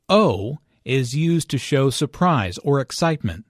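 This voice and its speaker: A man narrates an English lesson at a very slow, measured pace. Every word is carefully enunciated for learners. The recording is dry and close. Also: medium pitch, very animated, no room sound. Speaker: English teacher and dialogue reader. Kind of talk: scripted language lesson narration.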